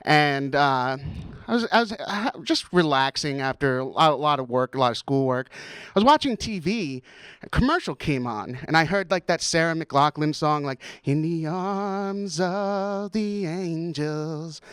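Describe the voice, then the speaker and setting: A man's voice: on the high side, animated, moderate pace, fairly bright tone, clean tone, no room sound. A young man doing a stand-up routine in a college TV studio. He mocks himself and laughs at his own jokes. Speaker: stand-up comedian.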